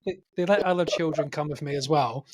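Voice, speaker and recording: Casting: podcast host, man, jokey rambling storyteller, slightly high voice. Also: normal speed, a little mellow. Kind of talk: casual podcast banter.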